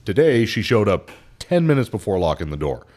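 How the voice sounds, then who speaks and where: A young man, a podcast co-host, casually telling a story about a customer at his car shop. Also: fairly quick. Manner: animated, acts out customer in high voice.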